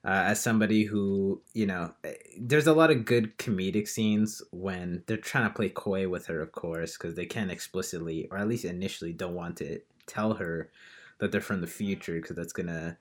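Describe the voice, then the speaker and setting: Male co-host, lower voice, loose rambling delivery full of fillers. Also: moderate pace. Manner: rambling, lots of fillers and restarts, animated retelling. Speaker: podcast co-host. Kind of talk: casual film review chat.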